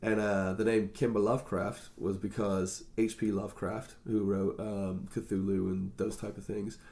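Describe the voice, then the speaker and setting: A man's voice: on the low side, little pitch movement, normal speed, mellow. A man hosting a podcast as a drag performer, casual and chatty, swearing freely and calling people darling. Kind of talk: casual interview chat.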